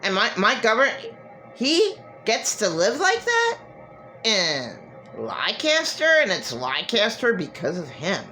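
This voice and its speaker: A woman's voice: medium pitch, huge pitch swings, slow pace, pushed and bright, faint music behind, rough recording. A middle-aged woman giving an emotional monologue to camera, agitated and profane, repeating herself and restarting her sentences. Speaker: vlogger.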